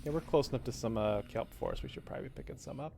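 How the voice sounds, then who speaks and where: A man's voice: mid-range voice, racing, vocal fry, over music. A man streaming a game live, chatting casually and swearing as he thinks aloud. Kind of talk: live gameplay commentary.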